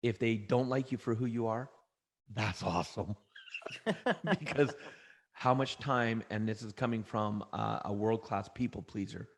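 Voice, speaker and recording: A middle-aged man from Canada, a trainer telling energetic motivational stories as an interview guest, often restarting phrases. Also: medium pitch, measured pace. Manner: energetic, anecdotal, frequent restarts. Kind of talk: motivational storytelling.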